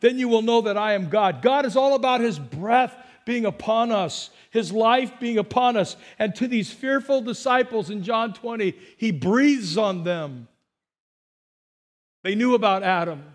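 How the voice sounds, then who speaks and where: A man's voice: high-pitched, expressive, a little slow. A man preaching a sermon as pastor at a church service, earnest and often repeating words as he starts a phrase.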